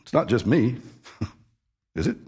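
Male pastor, husky voice, mid pitch, casual sermon delivery with emphatic stresses. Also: sing-song, slow pace, a little mellow. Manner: conversational teaching with frequent restarts, stressing key words.

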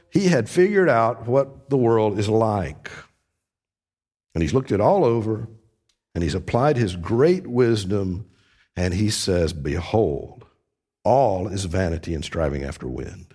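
A man's voice: mid-range voice, darkish tone, breathy edge. A man preaching a sermon, explaining scripture with earnest, emphatic repetition.

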